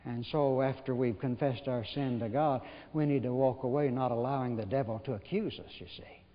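A man preaching a sermon in a folksy storytelling way, asking his listeners rhetorical questions and joking gently. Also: mid-range voice, fairly quick. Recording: dull recording with long hall reverb.

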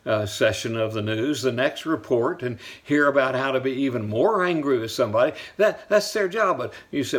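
A man's voice: medium pitch, animated, normal speed. Storytelling man preaching a sermon. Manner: storytelling preacher, shifts pace for emphasis, drops to soft asides. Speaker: pastor.

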